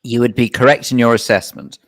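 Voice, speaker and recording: A man's voice: medium pitch, fairly even intonation, brisk, no room sound. A man with an English accent co-hosting a radio show, answering the host's teasing with dry, mock-formal banter in casual chat. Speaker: radio co-host.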